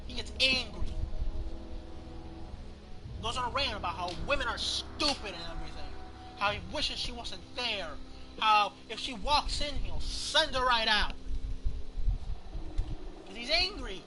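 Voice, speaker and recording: High-voiced man ranting about a movie. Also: measured pace, pauses often, background noise. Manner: profane, rambling, excited. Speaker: movie reviewer. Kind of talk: casual rant.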